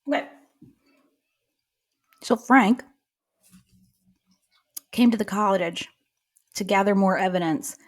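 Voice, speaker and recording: A woman's voice: medium pitch, slow, pauses often. A woman co-hosting a podcast, narrating and chatting in a dry, wry way. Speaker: podcast co-host. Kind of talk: casual comedic chat and narration.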